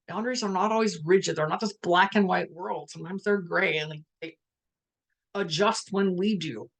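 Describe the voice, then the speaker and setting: A middle-aged woman hosting a live spiritual talk, speaking in a reflective, musing way with many restarts and pauses, and now and then putting on the voices of family members. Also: on the low side. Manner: quotes family conversations in lively voices. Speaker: spiritual empath host.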